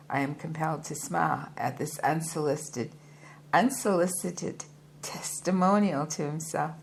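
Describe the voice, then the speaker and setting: A woman narrating a first-person travel book in a measured, unhurried reading. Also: sits low, vocal fry, slight background noise. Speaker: audiobook reader.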